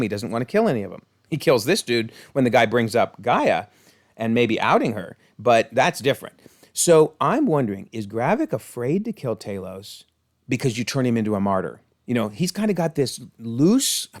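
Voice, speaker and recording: A man giving enthusiastic, chatty commentary on a TV series, with frequent laughs and fillers. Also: medium pitch. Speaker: video commentator. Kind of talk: casual commentary.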